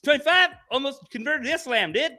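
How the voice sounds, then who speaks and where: A man putting on the voice of a rowdy, loud young bro from out west who swears and drawls "dude" a lot. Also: very high-pitched, expressive, brisk, voice pushed up, exaggerated voice.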